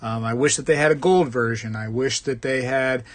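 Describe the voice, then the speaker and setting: A man's voice: medium pitch, moderate pace. A man hosting a live stream, reading out viewer comments and answering them in a chatty, joking way. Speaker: host of a live coin collecting stream.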